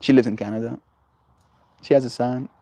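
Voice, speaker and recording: Gentle rambling male streamer. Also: mid-range voice, steady tone, fairly quick, vocal fry, no room sound. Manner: rambling and gentle, heavy on fillers. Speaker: livestreamer. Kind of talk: casual chat with viewers. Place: outdoors on a porch.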